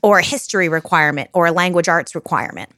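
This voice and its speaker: A woman talking casually on a podcast, chatty and quick to swear. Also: fairly low pitch, lively intonation, bright, forceful tone, dry recording, clean studio sound. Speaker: guest presenter.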